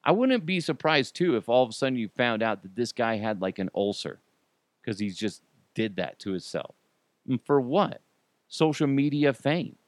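A man hosting a comedy podcast, riffing in an animated, jokey way with mock outrage and silly voices. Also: medium pitch, normal speed, no room sound. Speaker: podcast host.

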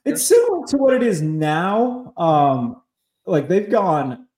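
A man hosting a casual sports talk podcast, chatty, full of fillers and quick asides. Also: high voice, very animated, darkish tone, roomy sound. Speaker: podcast host.

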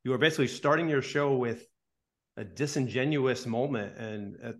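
A male sports broadcaster on a talk show, with a voice of middle pitch. He talks at a measured, deliberate pace, building his argument step by step. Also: fairly bright tone. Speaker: sports broadcaster and podcast co-host.

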